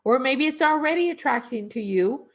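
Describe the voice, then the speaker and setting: A woman's voice: sits high, animated. A middle-aged woman energy worker talking casually and reflectively, asking her listeners questions. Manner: reflective, slow, conversational with rhetorical questions. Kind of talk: casual spiritual talk.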